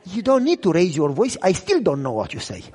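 A man's voice: high-pitched, wildly swooping pitch, fairly quick, a little mellow, breathy edge, in a large hall. A man preaching a sermon in English, a second language for him, earnestly sharing his own testimony and often asking listeners whether they follow him. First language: not English. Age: adult with children.

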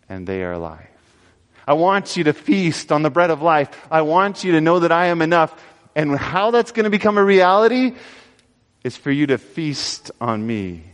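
A man preaching a sermon earnestly, quoting scripture and pausing between phrases. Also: on the high side. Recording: long hall reverb.

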